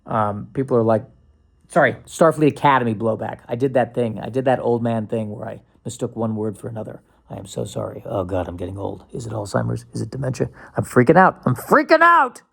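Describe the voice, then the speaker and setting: Gravelly sarcastic man rambling on a podcast. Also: lowish voice, steady tone, fairly quick, darkish tone. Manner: sarcastic, rambling, with frequent restarts and sudden mock panic. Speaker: podcast host. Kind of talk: casual solo podcast rambling.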